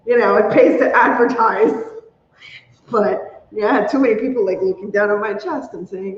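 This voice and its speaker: A woman hosting a casual crafting livestream, chatty and excitable, squealing when she is delighted. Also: medium pitch, moderate pace. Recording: roomy, dull lo-fi sound with faint hum.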